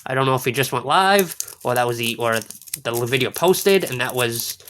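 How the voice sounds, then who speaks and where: A woman's voice: a bass voice, animated, moderate pace, background noise. A woman in an unboxing vlog, giddy and squealing, rambling to herself as she opens card packs. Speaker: card pack opener.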